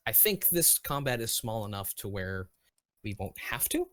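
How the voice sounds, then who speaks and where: A man running a tabletop game as game master, talking in an unhurried, searching way with many fillers and restarts. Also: lowish voice, very animated, fairly bright tone, dry recording.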